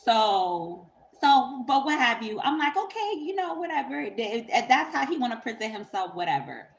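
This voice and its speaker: A woman's voice: a little high, sing-song, normal speed, low-quality recording. A woman tarot reader telling a story in a rambling, profane, casual way on a livestream, often breaking into laughter.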